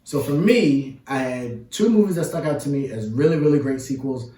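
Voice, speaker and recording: A man's voice: medium pitch, lively intonation, dark tone, far from the mic. Man co-hosting a casual movie review. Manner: playful, drawn-out fillers. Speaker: podcast co-host. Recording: roomy, mic set back.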